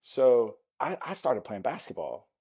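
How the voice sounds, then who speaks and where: A middle-aged man, a former pro football lineman, guesting on a podcast and telling rambling, animated anecdotes with acted-out dialogue. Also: medium pitch, measured pace, gravelly, husky. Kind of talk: casual storytelling chat.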